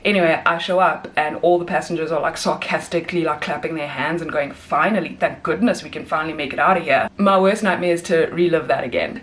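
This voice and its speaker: A chatty woman talks casually to her viewers, rambling from one everyday thing to the next and laughing easily. Her voice sits a little low for a woman. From South Africa. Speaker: flight attendant vlogger. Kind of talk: casual vlog chat.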